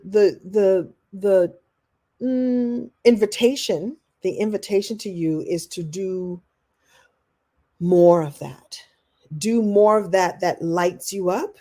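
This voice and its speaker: Female coach for a live online class, warm mellow tone, animated, slips into quoted voices. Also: fairly low pitch. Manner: reads and answers viewer comments. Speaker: motivational coach.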